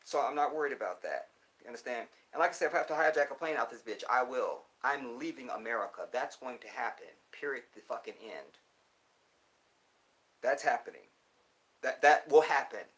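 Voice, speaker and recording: Man, livestream host, casual chat, swears a lot, emphatic, preachy, mid-pitched voice. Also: animated, brisk, a bit bright. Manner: profane and emphatic; preachy, keeps checking in with the listener. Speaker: livestream host reading viewer comments.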